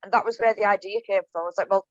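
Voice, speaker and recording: A woman's voice: medium pitch, steady tone, racing, dry recording, lo-fi sound. A woman with a Cumbrian accent, a guest telling her story in a casual podcast interview, chatty with many restarts. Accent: Cumbrian (Whitehaven). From Cumbria, England. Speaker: guest, business owner.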